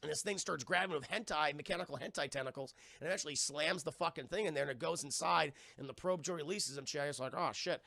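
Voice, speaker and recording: A man's voice: on the high side, fast talker, vocal fry, few pauses, bright, forceful tone, dry recording, clean studio sound. A man casually recapping a film scene by scene on a live stream, rambling and swearing, often calling out to his chat. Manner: rambling, profane, keeps addressing chat. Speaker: streamer reviewing films.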